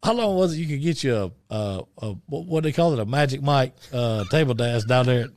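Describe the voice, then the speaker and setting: A man co-hosting a radio show, chatting casually about sports and rambling through many halting restarts. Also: medium pitch, lively intonation, darkish tone, no room sound.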